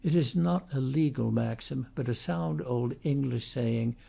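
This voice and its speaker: A man voicing a cultured, coolly polite older gentleman who has come down in the world. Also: medium pitch, a little slow, gravelly, slightly rough, exaggerated voice. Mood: aloof.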